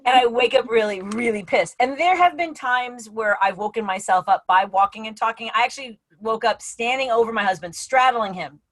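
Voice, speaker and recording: A woman's voice: a little high, brisk, hardly any pauses, a bit bright. A woman in her forties doing a brash, self-mocking stand-up set over a video call from home. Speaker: stand-up comedian. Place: home, before a green screen.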